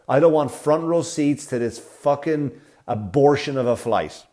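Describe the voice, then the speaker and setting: A man, a comedy podcast host from Ireland, telling a sarcastic, profane travel story with animated delivery. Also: medium pitch, a little slow. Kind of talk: comic storytelling.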